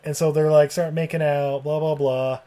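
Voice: medium pitch, little pitch movement, moderate pace, warm tone. Profane rambling podcast co-host. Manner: profane, rambling, laughs often, mimics characters. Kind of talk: casual movie recap chat.

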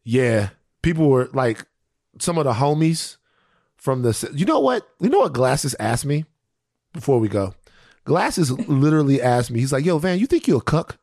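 A man's voice: mid-range voice, a little slow. A man hosting a podcast in casual chat, ranting animatedly and swearing a lot. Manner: profane, animated ranting with repeated phrases. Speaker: podcast host.

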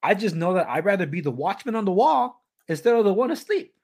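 A man hosting a podcast interview, talking in a halting way with many restarts. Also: sits high, big pitch swings, darkish tone. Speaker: podcast host. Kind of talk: casual interview chat.

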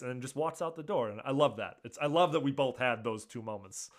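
A man co-hosting a casual rewatch podcast, lively, acting out lines as he retells scenes. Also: medium pitch, fast talker, hardly any pauses. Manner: lively, acts out scene dialogue when retelling. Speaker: podcast co-host.

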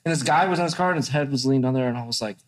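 A man's voice: medium pitch, very fast. A man, a tattoo artist co-hosting a podcast, who jokes and swears a lot in easygoing banter. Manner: joking, profane, laid-back.

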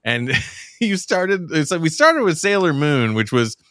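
A man's voice: a little slow, dry recording, clean studio sound. A man co-hosting a podcast, chatting casually and rambling with many restarts. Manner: rambling, restarts, goes high when excited. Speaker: podcast co-host. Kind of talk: casual chat.

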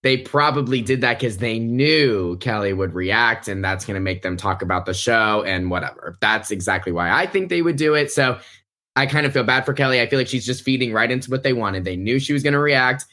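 A man's voice: medium pitch, fairly quick, pushed and bright. A man guest on a podcast, giving firm opinions in casual talk with many "like" fillers. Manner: earnest opinionated venting with "like" fillers. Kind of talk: casual gossip chat.

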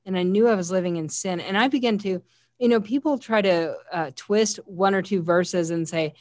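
A woman's voice: mid-range voice, moderate pace, a little mellow, no room sound, studio quality. A woman giving an earnest, heartfelt faith testimony as an interview guest, often quoting scripture. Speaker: guest sharing a personal testimony.

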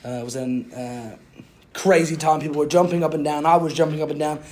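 A young man doing a playful, put-on British accent as a mock British gentleman, recapping his week like a sportscaster. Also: on the high side, steady tone, brisk, close to an everyday voice.

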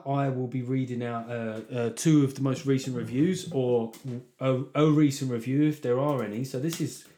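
A man's voice: medium pitch, darkish tone. A man hosting his own podcast as a comedian, talking in a rambling, sweary, self-deprecating way. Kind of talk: solo podcast monologue.

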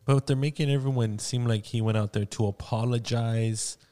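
A man co-hosting a podcast, cutting in with halting questions and repeated words. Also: mid-range voice, fairly even intonation, mellow. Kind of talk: podcast discussion.

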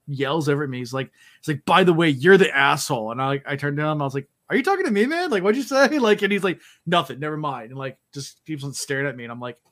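A man's voice: medium pitch, fairly bright tone. A man hosting a casual podcast, tired, telling rambling stories full of fillers. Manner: rambling storyteller, many fillers. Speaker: podcast host. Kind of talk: casual chat.

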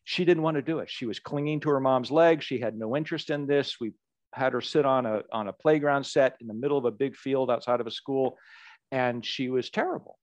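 A man's voice: medium pitch, brisk, dry recording, highs cut off. Man telling a campaign story, dry sound. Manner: animated storyteller who repeats words as he goes. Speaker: political ad maker, guest. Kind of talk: anecdotal storytelling in an interview.

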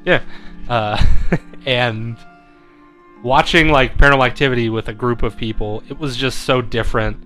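A man's voice: mid-range voice, steady tone, normal speed, sharp tone, soft background music. A man co-hosting a podcast in casual chat, rambling with lots of fillers and laughing often. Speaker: podcast co-host.

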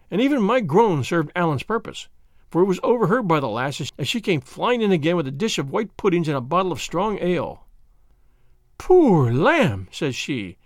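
A man reading a classic adventure novel aloud, his fairly high voice lively and wide-ranging in pitch. The storytelling is measured and expressive, recorded close and dry with no room sound. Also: no room sound. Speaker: narrator.

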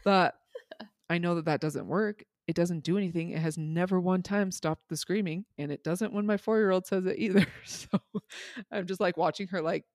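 This podcast co-host, a man with a high-pitched voice, chats about parenting at a moderate pace, reflecting aloud and leaning on everyday examples and asides. The audio is dry and of studio quality.

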